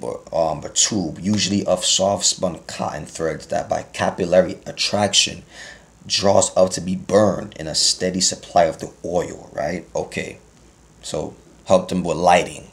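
A man's voice: deep voice, vocal fry. A man preaching a Bible lesson, asking his listeners questions and often repeating his words as he goes. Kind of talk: sermon teaching.

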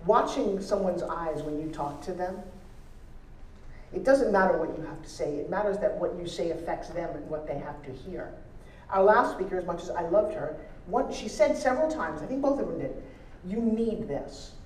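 A woman with a fairly low voice speaks at normal speed on stage in a large event hall, leading a live seminar on pitching with energy, humor, and audience engagement. The recording is roomy and distant, with slight background noise.

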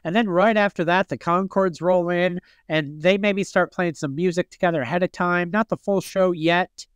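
Man with a clean, higher voice. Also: steady tone, moderate pace, clean tone, no room sound. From Michigan. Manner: rambling, playful storytelling with restarts. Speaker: podcast co-host. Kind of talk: casual chat.

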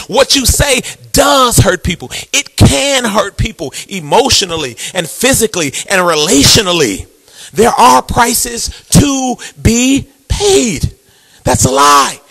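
A male pastor preaching a sermon, dramatic and call-and-response, with shouted peaks, sung phrases and quick, low storytelling stretches. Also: creaky, no echo.

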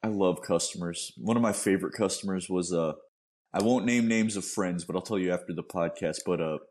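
A man's voice: low voice, a little fast, a little mellow. A young man, co-hosting a podcast in laid-back casual chat and swearing freely. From Texas. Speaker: podcast co-host.

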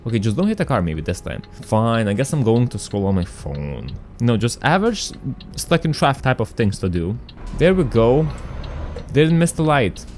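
A man giving casual, excitable commentary as a gaming streamer. He chats to his viewers and shouts at traffic. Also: medium pitch, moderate pace.

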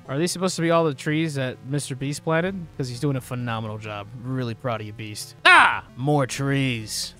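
A man streaming a horror game with a bright, forceful voice that swings wildly in pitch. His commentary is excitable and full of swearing, and he breaks into sudden yells. Faint game music plays underneath him. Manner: excitable, profane, sudden yelling outbursts. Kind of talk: live gameplay commentary. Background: faint game soundtrack music.

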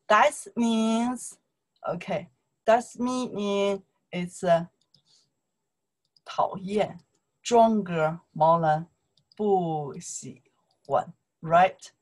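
A woman with a Chinese accent and Mandarin as her first language, teaching a casual online lesson. She speaks slowly and repeats "okay?" again and again to check that her students follow. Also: mid-range voice. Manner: slow, repetitive, checks in with "okay?" constantly.

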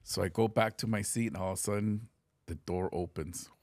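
A middle-aged man, a podcast guest, telling a story in an animated, profane way on a close podcast mic. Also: on the low side, a little fast, no room sound. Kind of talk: casual storytelling.

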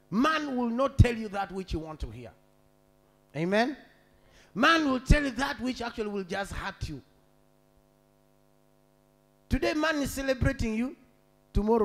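A man preaching a sermon as a pastor, swinging between shouted, half-sung peaks and quiet, conversational asides. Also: high-pitched.

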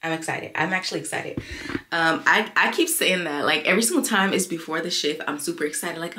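A woman's voice: on the low side, a little fast, pushed and bright. A young woman chatting casually to her camera at home, rambling and talking to viewers as y'all. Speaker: vlogger.

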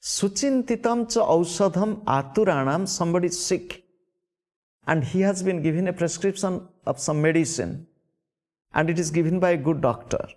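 A man's voice: fairly high pitch, steady tone, moderate pace, darkish tone. Indian man giving a spiritual sermon. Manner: repeats words for emphasis, asks the listeners questions. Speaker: spiritual teacher.

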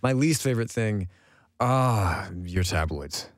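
American male guest, low voice, lively rambling delivery, dry studio sound. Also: slow, no room sound. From United States. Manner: rambling, restarts often, laughs easily. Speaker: guest actor. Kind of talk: casual radio interview chat.

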